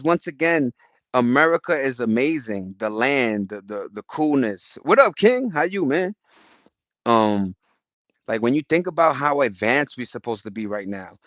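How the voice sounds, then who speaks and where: A man's voice: mid-range voice, fairly bright tone, dry recording, muffled recording. A man chatting loosely with his viewers on a live stream, slangy and profane, wandering from topic to topic. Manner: loose, profane, slangy and rambling, with frequent restarts. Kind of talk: rambling casual live chat. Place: outdoors.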